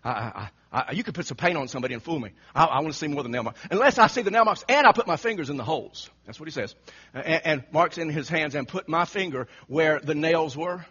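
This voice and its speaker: A man preaching an animated sermon, telling the story dramatically and acting out the quotes with frequent laughter. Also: a little high, fast talker, hardly any pauses, slightly rough. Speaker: pastor. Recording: muffled lo-fi recording.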